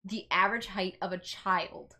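A woman playing in a tabletop game, excitable and quick to argue rules. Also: medium pitch. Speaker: player. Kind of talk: casual tabletop banter.

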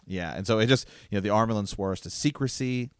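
Deep-voiced man reading from a book. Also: fast, smooth, no echo, clean studio sound. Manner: reads book passages aloud between chatty asides, many fillers. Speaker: book podcast co-host. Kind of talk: casual chat with read-aloud passages.

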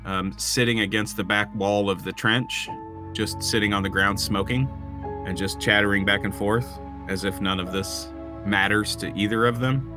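A man's voice: on the low side, fairly even intonation, normal speed, music in the background. A man narrating a tabletop role-playing game as game master, describing scenes with frequent hesitations.

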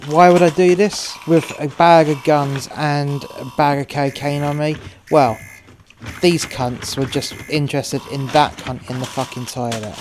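A man's voice: mid-range voice, darkish tone, a little hiss or hum. A man narrating a first-person crime story, swearing freely with rambling, wry asides.

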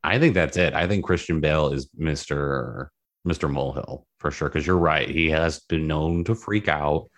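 A man co-hosting a podcast in playful casual chat, his voice jumping up on emphasis. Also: moderate pace. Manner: playful, jumps up in pitch on emphasis. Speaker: podcast co-host.

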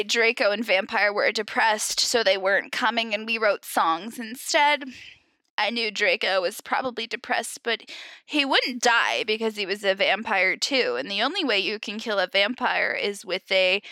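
A woman's voice: medium pitch, pushed and bright, no echo. A young woman co-hosting a podcast, reading fan fiction aloud in a comic, dramatic way and often breaking into giggles.

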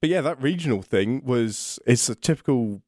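A man's voice: mid-range voice, expressive, normal speed, darkish tone, no echo, clean studio sound. A man co-hosting a podcast in casual, enthusiastic chat. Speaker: podcast co-host.

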